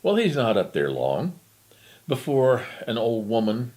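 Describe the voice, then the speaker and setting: An older man telling a story in a relaxed, chatty, folksy way. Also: medium pitch, a little slow.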